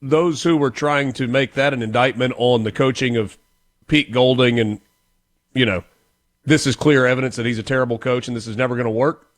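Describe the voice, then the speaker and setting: Man hosting sports radio, measured, opinionated, mid-pitched, conversational. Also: steady tone, no room sound, studio quality. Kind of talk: casual sports talk.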